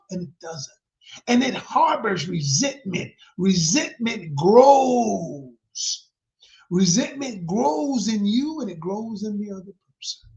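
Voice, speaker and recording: A man working as a relationship coach, talking emphatically to viewers and calling them y'all, swinging from loud to whispered like a preacher. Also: sits high, creaky. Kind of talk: live-stream promotional talk. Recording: dull lo-fi sound.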